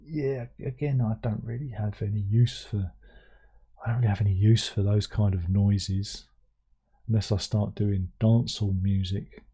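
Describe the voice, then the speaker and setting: A man's voice: lowish voice, fairly even intonation, normal speed, dark tone, slightly rough. A middle-aged man hosting a casual livestream, who reads out viewer comments and hums to himself between them. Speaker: livestream host.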